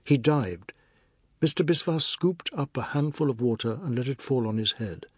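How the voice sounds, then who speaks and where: A man reading a novel aloud as narrator, in a measured, even storytelling manner. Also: mid-range voice, breathy edge, dry recording, studio quality. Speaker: audiobook narrator. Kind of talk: scripted narration.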